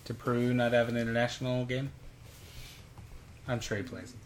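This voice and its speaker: An American man co-hosting a casual sports podcast, playful and jokey, tossing out deadpan absurd claims. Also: medium pitch, normal speed, slight background noise. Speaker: podcast co-host.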